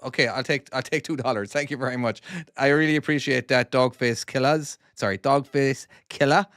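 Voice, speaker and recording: A man with a Cork Irish accent softened by years in America, chatting casually with viewers and thanking them while he plays a trucking game on a live stream. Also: mid-range voice, steady tone, a little fast, no echo, clean studio sound. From Ireland.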